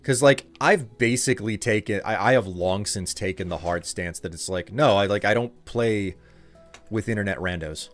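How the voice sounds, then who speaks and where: A man with a fairly low voice chats casually with his viewers while streaming a game. He rambles, circling back with fillers and restarts. Soft music plays faintly beneath his talk. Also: normal speed. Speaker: live streamer.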